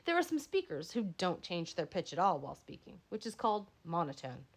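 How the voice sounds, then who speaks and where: Woman reading a lesson, lively pitch. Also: fairly quick. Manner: reads aloud with frequent slips and self-corrections. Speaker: instructor reading a textbook chapter. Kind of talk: lecture read aloud.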